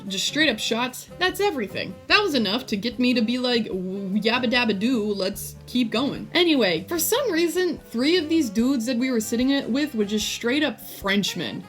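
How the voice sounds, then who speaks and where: Young female vlogger, casual storyteller, animated and jokey delivery, light background music. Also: a little high. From United States. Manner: animated and jokey, voices friends in quotes.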